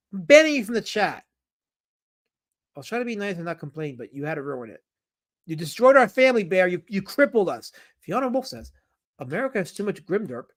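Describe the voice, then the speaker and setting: In a high voice, a man on a live stream reads chat comments aloud and talks about comics in an animated, jokey way.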